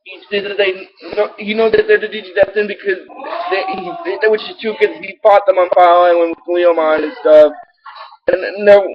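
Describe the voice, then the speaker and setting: A man hosting his own show, rambling through an excitable recap with many restarts. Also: high-pitched, normal speed, muffled recording. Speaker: show host recapping episodes.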